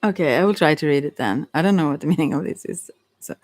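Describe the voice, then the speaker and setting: A woman with a Swedish accent, speaking English as a second language in a halting, casual chat, often correcting herself and laughing. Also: low voice, a little mellow. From Sweden. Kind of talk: casual one-sided chat, reading aloud.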